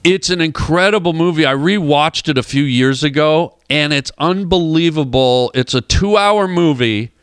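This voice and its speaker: A man, a comedian, telling stories in casual chat as a guest in a radio studio, animated and acting out voices. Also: fairly high pitch, moderate pace, few pauses, smooth, no echo. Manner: animated storyteller who acts out voices. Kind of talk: casual storytelling on a radio show.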